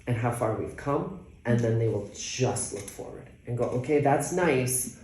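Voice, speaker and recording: A man with a mellow, warm tone talks earnestly in casual conversation and hammers his points home by repeating them. The room around him is echoey. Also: mid-range voice, moderate pace.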